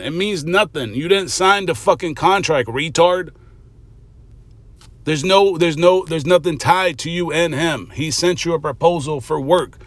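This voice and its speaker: A man's voice: a little high, unhurried, no room sound. A man giving a blunt, profane reaction commentary, mocking and lecturing as he talks. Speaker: reaction vlogger.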